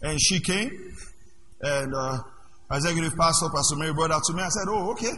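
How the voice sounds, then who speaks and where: A man preaching a sermon as pastor, moving between quiet asides and loud shouted passages. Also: fairly high pitch, a little fast, slight background noise. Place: church hall. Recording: echoey hall with long reverb.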